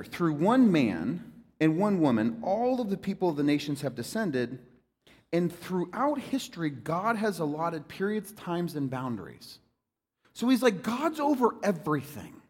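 A man preaching a sermon in an animated, conversational way, mixing jokes with scripture. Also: fairly high pitch, breathy edge, long reverb tail. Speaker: pastor.

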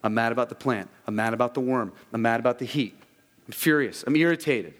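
A man's voice: medium pitch, fast talker, lightly acted. Sulky angry prophet, as a male preacher puts him on, complaining hot, long church echo. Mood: fuming. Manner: complaining, heated. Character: Jonah, sulking angry self-absorbed adult man. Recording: long reverb of a large hall.

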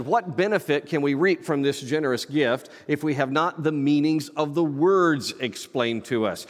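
A pastor preaching a sermon from the pulpit, animated and playful, with asides to the congregation. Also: male voice, mid-range voice, in a large hall. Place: church sanctuary.

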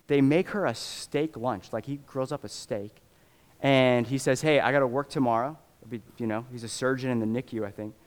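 A man preaching from the pulpit, his voice sitting at an ordinary middle pitch. He tells stories in a loose, animated way, full of "uh" and "like." The sound hangs in a long reverb, as in a big church hall. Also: moderate pace. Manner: casual, animated storytelling with many fillers. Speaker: pastor. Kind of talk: sermon.

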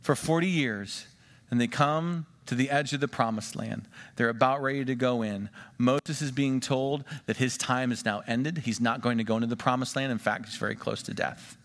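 A man preaching a sermon, swinging between emphatic rises and quiet drops, and drawing the congregation into questions and call-and-response. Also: medium pitch, normal speed. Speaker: pastor. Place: church sanctuary. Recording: long church reverb.

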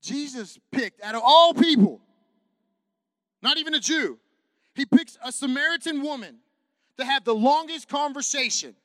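A man preaching a sermon to a congregation, animated and repetitive, pacing as he talks and acting out the people in his story. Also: very high voice, normal speed, pauses often, dry recording. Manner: animated, repetitive, quotes figures in voices; walks around while preaching. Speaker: pastor. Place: church sanctuary with a congregation.

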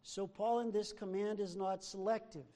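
A man preaching a sermon as pastor, emphatic, swinging between loud declarations and hushed asides. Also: sits high, fairly even intonation, moderate pace. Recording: long hall reverb.

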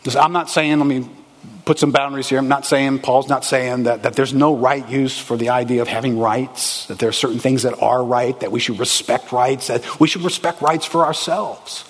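A man preaching a sermon as a pastor, animated and conversational, asking the congregation rhetorical questions. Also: mid-range voice, normal speed. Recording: echoey hall, long reverb.

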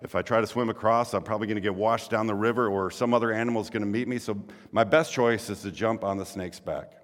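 A man's voice: lowish voice, steady tone, quick pace, in a large hall, lightly acted. A man voicing a nervous, wary little male mouse who protests anxiously, told as a fable in a sermon.

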